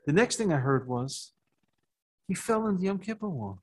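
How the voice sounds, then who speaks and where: An older American man, a rabbi, giving a Torah talk to a live audience and telling a story with rising excitement. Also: high voice, moderate pace, slightly rough. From United States. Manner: animated storytelling, rises in excitement.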